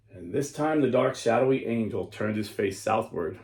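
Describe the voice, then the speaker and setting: Man, commentary host, dramatic reading, plain explaining, roomy echo. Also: mid-range voice. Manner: slows and stresses lines when reading aloud, then explains plainly. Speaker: host of a Catholic commentary channel.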